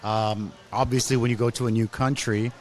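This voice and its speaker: A man's voice: mid-range voice, fairly even intonation, brisk. A man hosting a podcast interview, easygoing and chatty, filling gaps with "okay" and "cool". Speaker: podcast host. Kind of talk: casual interview.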